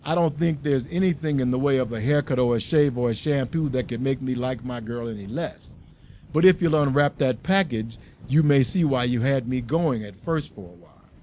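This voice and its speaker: A man reading aloud and voicing a young husband who speaks gently to his wife. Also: medium pitch, slight background noise, close to an everyday voice. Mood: tender. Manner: slow and bewildered at first. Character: young husband, dazed then tender.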